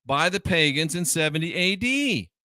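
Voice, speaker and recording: A man delivers a religious commentary monologue, stressing points by repeating them and slipping in wry jokes. His voice is bright and forceful, smooth and clear, a touch higher than most men. It is recorded dry and close. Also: big pitch swings, moderate pace, no room sound. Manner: emphatic, repeats phrases for stress, wry asides. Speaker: host.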